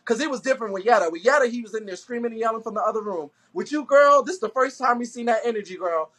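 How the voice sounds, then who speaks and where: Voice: mid-range voice, fast talker, fairly bright tone. A host on a live stream asking casual questions and pressing by repeating them.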